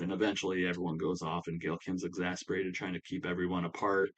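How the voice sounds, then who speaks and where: A man with a somewhat low voice talks through a wrestling-sim recap in a loose, offhand way. He rambles and leans on fillers like "you know" and "uh," as if thinking out loud. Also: flat delivery, fast talker, breathy edge, low-quality recording. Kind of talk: casual play-by-play recap.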